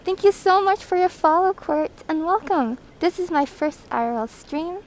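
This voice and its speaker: A woman chatting casually on a live stream from an airport terminal, reading chat and greeting viewers excitedly, breathing heavily through a thick mask, recorded on a hand-held phone. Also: extremely high pitch, moderate pace, a little hiss or hum, poor audio.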